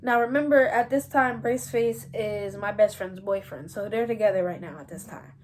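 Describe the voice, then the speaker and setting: A young woman, casually telling a story to her viewers in a slangy, animated way and often calling out to them as y'all. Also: mid-range voice, moderate pace. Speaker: vlogger.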